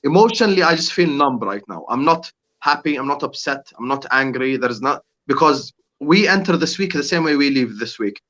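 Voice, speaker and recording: A man's voice: mid-range voice, animated, fairly quick, fairly bright tone, muffled recording. A man chatting casually about football on a panel, blunt and exasperated, repeating himself.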